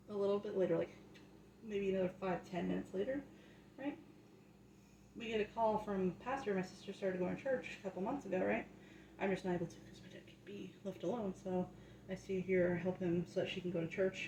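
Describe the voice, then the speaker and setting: A young woman vlogging from home shares her faith testimony, her medium-pitched voice brisk and a little mellow. What starts as chatty, casual talk becomes fervent and preachy, and she keeps asking "right?" The room is echoey, with faint background noise.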